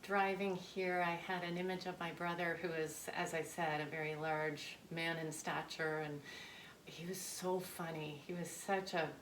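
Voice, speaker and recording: A woman guest in an interview, talking in a heartfelt, reminiscing way. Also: on the low side. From Canada. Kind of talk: interview conversation. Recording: echoey room from far off, faint noise.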